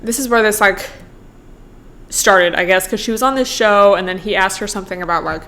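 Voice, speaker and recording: A woman's voice: mid-range voice, fairly quick, a bit bright. Young woman rambling on her podcast, says "like" constantly, swears a lot, laughs a bunch. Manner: chatty, swears a lot, heavy use of "like"; laughs between points. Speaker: podcast host. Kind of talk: casual solo podcast chat.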